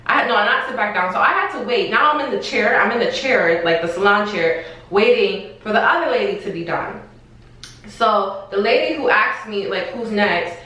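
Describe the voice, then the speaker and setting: A young woman telling a story in a casual vlog, in an animated, exasperated way, with slang and swearing. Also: medium pitch, moderate pace. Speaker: vlogger. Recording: echoey room, far from the mic.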